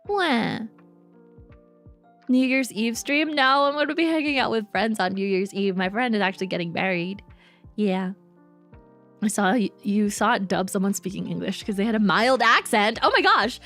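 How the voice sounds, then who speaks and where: A woman's voice: medium pitch, moderate pace, fairly bright tone. A woman VTuber chatting casually and playfully with her livestream audience. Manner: bubbly and playful, talks to chat. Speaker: VTuber streamer. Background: faint lo-fi hip hop music.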